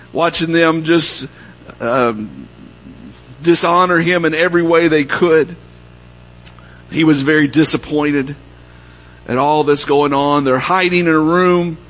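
A man preaching a sermon, telling a story and dropping low and soft when he quotes the people in it. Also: poor audio. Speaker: pastor.

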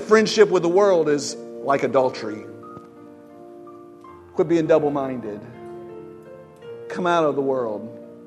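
A male pastor preaching a sermon in an emphatic, exhorting way, with soft music behind. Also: a little high.

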